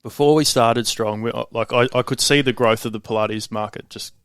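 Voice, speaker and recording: A man, a guest on a casual podcast, talking in a calm, laid-back way. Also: mid-range voice, brisk, smooth, no room sound, clean studio sound. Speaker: guest, fitness franchise founder.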